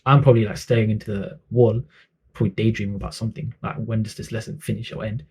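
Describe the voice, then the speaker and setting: A man's voice: on the low side, fairly even intonation, quick pace, a little mellow, breathy edge. A man, telling a story in a chatty, casual way, full of slang and fillers. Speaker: vlogger.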